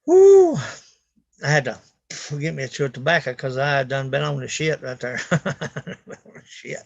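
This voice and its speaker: A man's voice: medium pitch, fairly even intonation, moderate pace, vocal fry. A man from Kentucky with a Kentucky accent, chatting and joking casually with salty language. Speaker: artisan. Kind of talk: casual rowdy banter. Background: loud guitar music.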